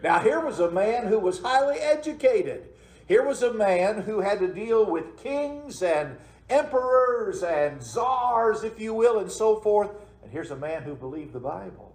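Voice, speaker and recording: A man preaching a Sunday evening sermon, with a fairly high voice. He talks in a folksy way and keeps asking the congregation to answer him. The sound rings in an echoey church sanctuary. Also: expressive, a little slow, darkish tone. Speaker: pastor.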